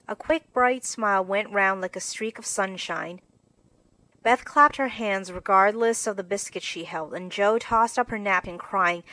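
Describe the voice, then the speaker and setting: A woman narrating a classic storybook in a clear, expressive reading. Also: mid-range voice, moderate pace, dry recording, rough recording.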